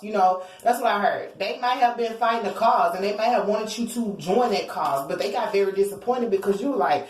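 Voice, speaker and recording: A woman's voice: medium pitch, expressive, moderate pace, hardly any pauses, slight background noise. Blunt, chatty woman reading tarot in a roomy space. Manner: acts out what other people say. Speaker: tarot card reader. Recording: roomy echo.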